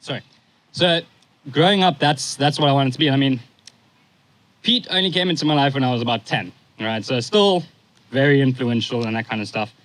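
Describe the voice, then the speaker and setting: A young man in his twenties giving a eulogy for his stepfather, telling a story in a casual, halting way and pausing at times to compose himself. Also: medium pitch, a bit bright, rough recording.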